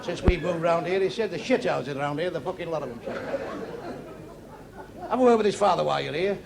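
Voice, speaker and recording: A man's voice: fairly high pitch, quick pace, gravelly, a loud crowd, very noisy. A man telling crude, swearing-heavy stand-up jokes to a club audience, recorded live. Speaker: stand-up comedian.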